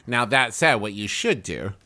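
A man co-hosting a comedic podcast, talking in a deliberate, dry deadpan. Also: fairly low pitch. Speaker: podcast co-host. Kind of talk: casual comedic chat.

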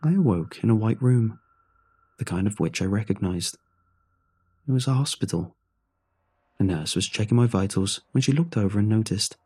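Brief: low, dark-toned male narrator, husky, somber horror reading. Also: animated. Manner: somber, measured first-person telling. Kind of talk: scripted horror story narration.

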